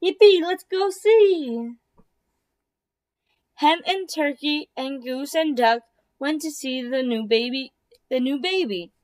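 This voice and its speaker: Slow, high-voiced woman reading a storybook. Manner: slow and deliberate. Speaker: storybook reader. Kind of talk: children's storybook read-aloud.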